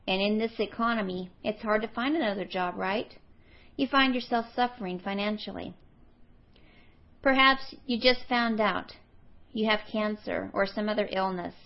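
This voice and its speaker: A middle-aged woman teaching a women's Bible study, earnest and slowing down to stress her key questions. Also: medium pitch, lo-fi sound.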